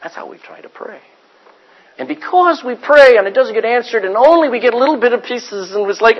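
A man preaching a sermon as pastor, swinging from hushed asides to loud acted-out quotes. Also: very high-pitched, a little fast, lo-fi sound.

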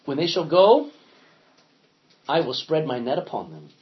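A male pastor leads a Bible study in a casual, conversational way, reading verses aloud and checking in with his listeners. His voice is husky, and the recording sounds dull and lo-fi. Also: fairly high pitch, animated, measured pace. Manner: conversational, asks class questions, reads scripture aloud. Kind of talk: interactive Bible study teaching.

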